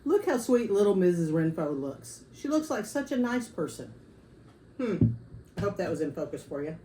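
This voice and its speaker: A woman's voice: fairly low pitch, very animated, moderate pace, dark tone. Woman, vlog host, chatty, friendly, mouth burning, roomy echo, faint hiss. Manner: chatty, friendly, says y'all. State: mouth burning from hot salsa. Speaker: vlogger host. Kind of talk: casual food-tasting vlog.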